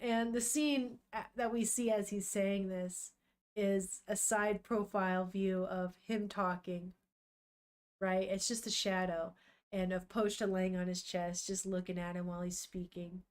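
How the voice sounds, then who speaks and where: A young woman streams herself reading a manga out loud, reacting as she goes. She talks in an animated, unfiltered way, swearing freely and laughing often as she greets her chat. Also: medium pitch, unhurried.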